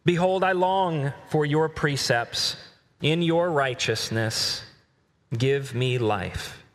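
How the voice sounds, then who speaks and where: Earnest preacher man in a reverberant hall. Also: fairly high pitch. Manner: earnest, reads scripture aloud with slow emphasis. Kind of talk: sermon.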